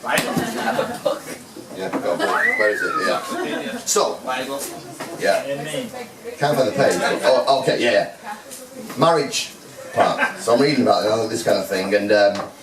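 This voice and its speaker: A man delivers a joking, self-deprecating groom's speech to guests in a wedding reception hall, his lowish voice swooping wildly in pitch. He speaks unhurriedly and pauses often, captured from a distance in an echoey room with a crowd present.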